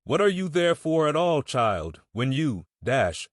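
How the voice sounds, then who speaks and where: In a clean, echo-free studio recording, a man with an animated mid-range voice reads an audiobook at a moderate pace, lightly acting as a middle-aged grieving mother who sobs and pleads for the truth about her son's death.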